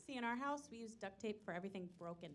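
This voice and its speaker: In a live room full of audience laughter, a woman in her thirties does a stand-up comedy set of self-deprecating stories. Her mid-range voice moves very fast as she tells them with animated energy.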